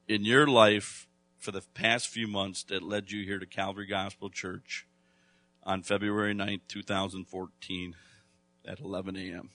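Male pastor, bright forceful voice, dry close sound, conversational with emphatic swells. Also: lowish voice, no echo. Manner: conversational preaching, rising to loud emphatic bursts. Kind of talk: sermon.

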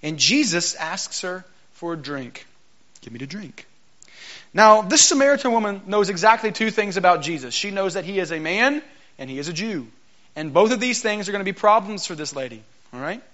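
A male guest preacher giving a lively Pentecostal sermon in a church, joking and calling for the congregation's response, in a dull lo-fi recording. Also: high-pitched, fairly quick. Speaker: guest preacher, Bible college teacher.

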